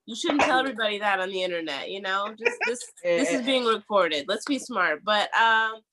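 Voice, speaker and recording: A woman's voice: medium pitch, animated, moderate pace, a crowd in the background. A woman headlining a stand-up set over a video call, bubbly and playful as she tells stories.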